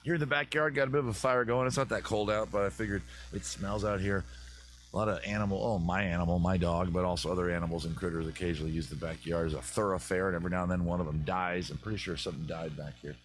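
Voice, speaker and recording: East coast guy doing a jokey livestream in his backyard, kinda low voice, rambles all over. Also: steady tone, quick pace. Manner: rambling, jokey, riffing on tangents. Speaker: host of a comedy advice live stream. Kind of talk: casual comedic live stream chat. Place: outdoors in a backyard by a fire.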